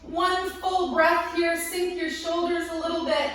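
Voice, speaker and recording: A woman teaching a guided yoga class, giving gentle, encouraging cues with playful asides, a little out of breath. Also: very high-pitched, flat delivery, measured pace. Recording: very echoey room, voice from a distance, soft music behind.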